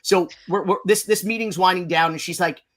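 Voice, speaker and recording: Male filmmaker guest from Miami; raised pitch, energetic, rambling anecdotes with "you know"s and cursing. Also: brisk. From Miami, Florida, US. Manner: animated, profane, rambling with many fillers and restarts. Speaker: documentary filmmaker, podcast guest. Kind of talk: anecdotal storytelling in a podcast interview.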